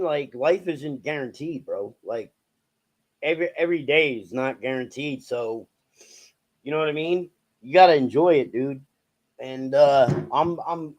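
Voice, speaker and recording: A young adult man talking casually to viewers, swearing a lot, joking and rambling with many fillers. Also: on the high side. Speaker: vlogger.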